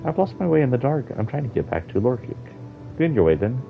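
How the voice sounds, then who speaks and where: A man's voice: medium pitch, sing-song, quick pace, vocal fry, soft background music, voice pushed up. A man voicing a frightened, lonely young girl in a raised, pleading voice over dull lo-fi stream audio.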